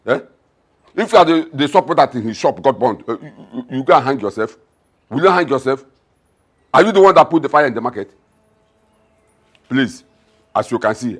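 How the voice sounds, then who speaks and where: An actor playing a gruff, mocking middle-aged Nigerian father with a husky voice. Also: medium pitch. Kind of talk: Nollywood film acting.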